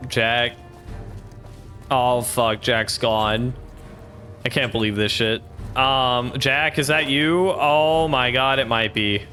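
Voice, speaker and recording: A man's voice: mid-range voice, fairly even intonation, slow, pauses often, bright, forceful tone, faint music behind. A man streaming a game, joking and rambling in casual commentary, cursing freely.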